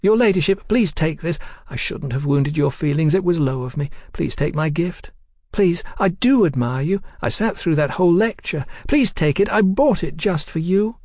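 A man's voice: animated, moderate pace, darkish tone, dry recording, studio quality. A man voicing a flighty, forward Englishwoman living abroad, coaxing and pleading. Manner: coaxing, pleading, high-strung.

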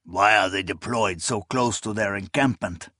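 Man reading a hoarse old warrior in an audiobook, gruff and scornful, a little lower than the narrator, dry sound. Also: normal speed, bright, forceful tone, no echo.

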